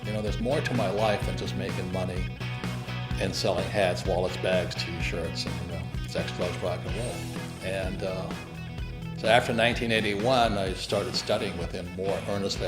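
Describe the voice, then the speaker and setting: A man's voice: sits low, steady tone, moderate pace. Older male storyteller, plainspoken and casual, music bed behind. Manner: plainspoken, conversational, peppered with "you know". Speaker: author and speaker. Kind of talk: talk with documentary narration.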